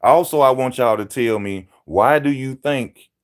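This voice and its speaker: A man hosting a live boxing channel stream, talking straight to his viewers in loud street-style banter, mocking and teasing. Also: medium pitch, measured pace.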